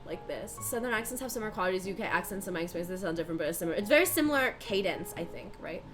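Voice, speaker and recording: A woman's voice: medium pitch, expressive, very fast. A young woman with a Californian accent, chatting casually with her live-stream viewers while she bakes. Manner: chatty, reads out chat names, bubbly. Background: faint music.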